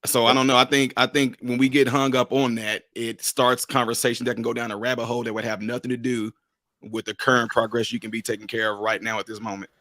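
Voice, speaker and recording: A man on a casual panel discussion, talking relaxed and making his points through stories and examples. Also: medium pitch, quick pace, no echo, studio quality. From USA. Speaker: panel guest.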